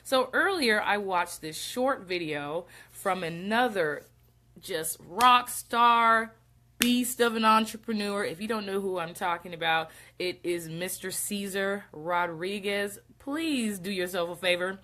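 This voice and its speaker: A young adult woman chats her way through a casual livestream, her voice a little congested and short of breath. She talks at a medium pitch and breaks off to greet viewers as they join. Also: measured pace, hardly any pauses, fairly bright tone. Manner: chatty, greets viewers mid-sentence. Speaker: host of a real estate livestream. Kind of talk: casual live-stream talk.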